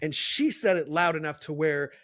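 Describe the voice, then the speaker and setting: Middle-aged male podcast co-host, animated storyteller, a bit higher pitched. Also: moderate pace, no echo. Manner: animated storyteller, acts out quoted voices. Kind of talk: casual storytelling chat.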